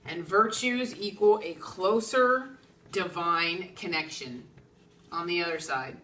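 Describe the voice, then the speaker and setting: A woman, a psychic medium, teaching in a chatty, animated way, laughing and often checking in with "okay?". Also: on the low side, takes it slowly, reverberant, recorded from a distance. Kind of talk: spiritual teaching talk.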